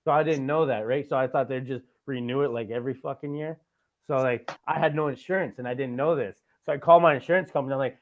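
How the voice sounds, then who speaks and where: A Canadian man hosts a podcast, talking fast at a medium pitch as he rambles through a long story, swearing often and ending lines with "right?". It's casual podcast chat, and the audio sounds tinny, like a phone.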